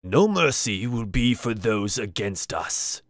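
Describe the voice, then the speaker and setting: A man voicing a stern male orc shaman in a tabletop game, speaking slowly and threateningly. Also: lowish voice, very animated, no room sound, clean studio sound. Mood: menacing. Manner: slow, measured and threatening.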